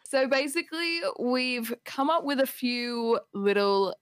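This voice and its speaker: A woman's voice: high-pitched, lively intonation, unhurried, no room sound, studio quality. A woman co-hosting a podcast in casual chat, giggly and bubbly, laughing often. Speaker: podcast co-host.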